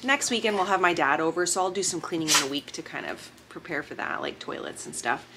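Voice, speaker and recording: A woman's voice: sits low, animated, fast talker, heavy background noise. A woman, a mom vlogging at home in easy casual chat that is full of "like". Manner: chatty, peppered with "like".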